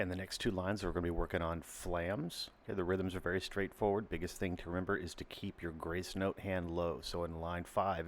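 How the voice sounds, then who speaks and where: A man's voice: deep voice, a little hiss or hum. A man teaching snare drum rhythms, explaining step by step and counting beats aloud. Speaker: percussion teacher. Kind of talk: instructional lesson.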